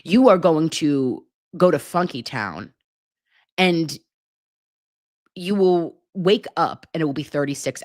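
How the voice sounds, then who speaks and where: Low-voiced, effusive woman in her forties. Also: no echo, studio quality. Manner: gushing, effusive, swears freely, calls viewers pet names; expressive, with gasps and laughs. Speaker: livestream host reading viewer comments. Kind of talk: casual livestream chat.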